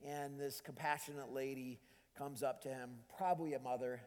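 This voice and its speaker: A man's voice: mid-range voice, fairly even intonation, normal speed, big-room sound. A man preaching a sermon in a conversational way, with frequent ums and restarts. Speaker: pastor.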